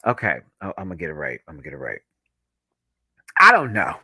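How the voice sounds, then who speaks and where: A man chatting through a live review in a campy, animated way, laughing often. His voice leaps high and dips low, bright and forceful in tone, and it sounds dry and close to the mic. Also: brisk, slightly rough, no echo. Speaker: YouTube reviewer.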